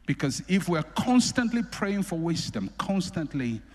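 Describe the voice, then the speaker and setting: A man preaching a sermon, repeating phrases for emphasis and swinging between loud and soft. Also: high voice, big pitch swings, measured pace, slight background noise. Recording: echoey hall with long reverb.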